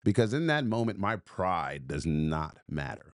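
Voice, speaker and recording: A man's voice: deep voice, sing-song, a little slow, no room sound, studio quality. A man telling a story on a podcast in an emphatic, punchy way, repeating phrases and restarting.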